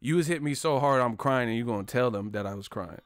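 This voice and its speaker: A man hosting a casual boxing chat, talking in an animated, joking and profane way. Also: medium pitch, quick pace, no room sound. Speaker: boxing commentary host.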